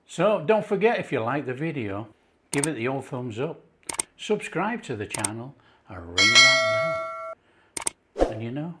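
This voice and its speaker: Middle-aged Yorkshire man, cooking channel host, slow relaxed delivery, keen and full of praise. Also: medium pitch, slight background noise. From Yorkshire, England. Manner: enthusiastic, unhurried, calls things superb. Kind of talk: casual cooking video.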